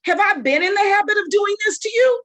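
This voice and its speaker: A woman's voice: sits high, sing-song, moderate pace, a bit bright, voice pushed up. A woman doing a sassy talking donkey. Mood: indignant. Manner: sarcastic, exasperated.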